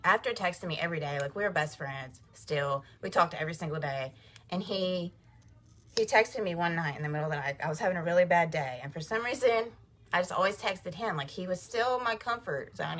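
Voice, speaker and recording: A woman tells a personal story in a loose, chatty way. Her voice sits on the lower side. She keeps saying "like" and acts out what others said. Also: fairly bright tone. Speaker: vlogger telling a personal story. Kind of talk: casual storytelling to camera.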